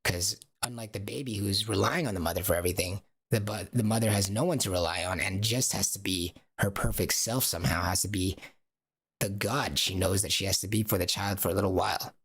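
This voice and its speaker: Man, livestream monologue, rambling, rhetorical questions, husky, gravelly. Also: sits low, fairly quick, fairly bright tone. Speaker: streamer.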